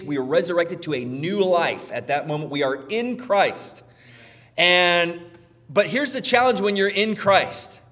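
A middle-aged man preaching a sermon as pastor, conversational and animated, often checking in with "right?". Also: on the high side, in a large hall.

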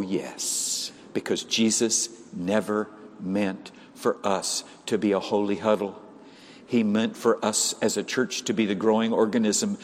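A man preaching a sermon as pastor, animated, swinging from loud, high exclamations to hushed, low passages. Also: long reverb tail.

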